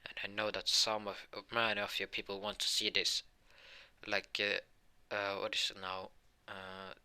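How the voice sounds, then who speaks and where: Guy rambling thru a fan story, lots of uhs, low-ish voice, sharp bright tone. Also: completely flat delivery, unhurried, clean tone. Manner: rambling, self-correcting, many fillers. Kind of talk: improvised fan story narration.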